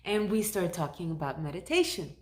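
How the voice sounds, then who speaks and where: A woman who works as a shaman, recounting a personal story in a conversational, animated way. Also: fairly low pitch, a little fast.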